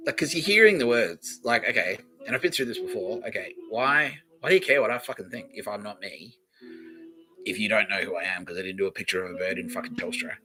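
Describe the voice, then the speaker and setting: A man hosting a comedy podcast, telling a rambling, profane story that swings between loud outbursts and muttered asides. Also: mid-range voice, rough recording. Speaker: podcast host.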